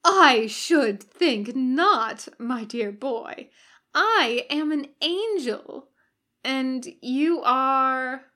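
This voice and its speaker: A woman reading a story aloud, voicing a gentle, bookish male angel with a prim, fluttery manner. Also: high-pitched, expressive, very slow, full character voice. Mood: indignant.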